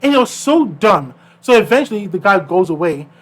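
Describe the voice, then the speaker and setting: A man's voice: sits high, fairly quick. A man co-hosting a podcast, telling stories in casual chat and acting out the people in them. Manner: animated storyteller acting out quoted people. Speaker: podcast co-host.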